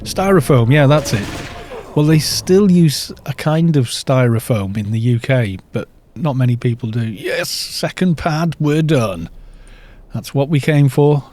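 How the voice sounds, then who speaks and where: A man's voice: mid-range voice, a little slow, a little mellow. A man streaming a game live, chatting casually and telling rambling stories between remarks on play. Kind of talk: casual live-stream chat while gaming.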